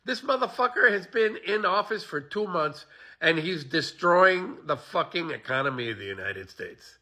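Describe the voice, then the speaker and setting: A man rants with profane exasperation and bitter laughter. His voice sits high and swings widely, with a gravelly, husky edge. It sounds bright and tense. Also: animated, moderate pace. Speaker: social media poster. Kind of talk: ranting to camera.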